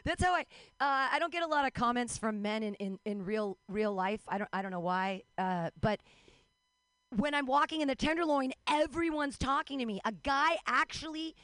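A young woman works through a stand-up set out in the street, wry and self-mocking, tossing off quick asides. Her voice sits a little high, and the sound is close and dry with no room around it. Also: lively intonation, fairly bright tone, dry recording. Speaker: stand-up comic. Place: street outdoors.

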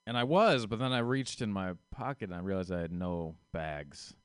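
A man's voice: low-pitched, moderate pace, smooth, no room sound. A man telling wry stand-up stories in a dry, conversational way. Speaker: stand-up comedian. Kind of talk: stand-up storytelling.

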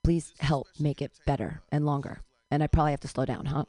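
A lowish-voiced middle-aged woman tells a comic story, animated and quick to break into loud wails. Her voice sits close and dry, with no room around it. She talks as if to friends on a radio show. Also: dry recording. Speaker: comedian telling a story.

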